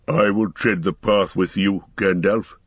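A man playing a stout dwarf, eager and bold, low and husky in tone, speaking with firm resolve. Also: steady tone, unhurried, dry recording, highs cut off. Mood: resolute. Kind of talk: audiobook character reading.

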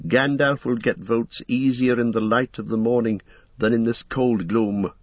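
A man giving voice to a small young hobbit, gentle and hesitant, with a soft husky voice and a dry, dull sound. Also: medium pitch, fairly even intonation, measured pace, no room sound. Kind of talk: audiobook character reading.

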